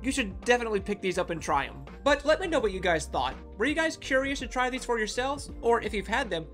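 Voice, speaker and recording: An upbeat food vlogger running a casual taste-test review, with a bright, forceful voice. The talk is enthusiastic and aimed straight at the viewers. The pitch sits in a middling range. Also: very animated, fast, soft background music.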